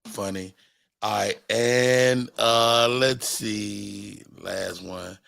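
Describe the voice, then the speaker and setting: Male podcast host, playful banter, tense bright tone, dry close mic. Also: lowish voice, steady tone, extremely slow, gravelly, no echo. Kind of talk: casual chat.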